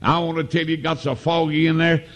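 Folksy middle-aged preacher with a raised pitch. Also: male voice, flat delivery, fast. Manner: folksy, homespun, with jokes and calls for amen. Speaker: revival preacher. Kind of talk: sermon. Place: tabernacle.

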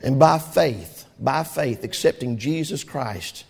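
A man, preaching a sermon with rising shouts and call-and-response. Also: mid-range voice, animated, slow, vocal fry, breathy edge. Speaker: pastor. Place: church sanctuary. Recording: long hall reverb.

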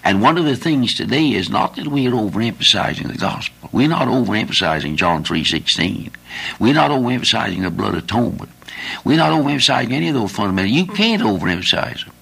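Gravelly-voiced older man preaching. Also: fairly low pitch, animated, quick pace, fairly bright tone. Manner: folksy, repetitive preaching with rhetorical questions. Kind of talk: sermon.

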